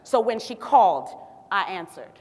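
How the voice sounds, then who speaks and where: A woman from Zimbabwe, a physician, telling her story in a public talk with sassy, animated asides to the audience. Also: mid-range voice, moderate pace. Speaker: physician and city health director speaking on stage. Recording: long reverb of a large hall.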